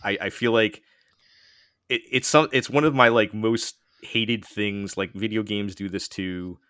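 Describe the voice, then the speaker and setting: A man speaking on a podcast panel in a relaxed way, often restarting his sentences. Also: on the low side, measured pace, clear, resonant tone, dry recording, studio quality. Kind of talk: casual chat.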